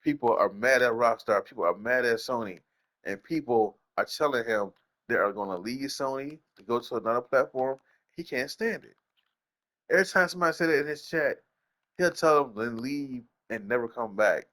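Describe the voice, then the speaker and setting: Animated slangy man ranting about gaming. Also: normal speed. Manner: animated, slangy, repeats himself, incredulous jumps in pitch. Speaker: gaming channel host. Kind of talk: casual ranting commentary.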